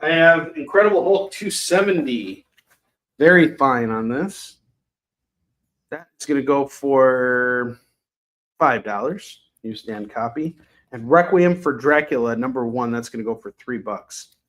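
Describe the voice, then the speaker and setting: A man hosting a live shopping stream, selling comics in a casual, chatty pitch, with sarcastic jokes and lots of fillers. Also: animated, measured pace, fairly bright tone.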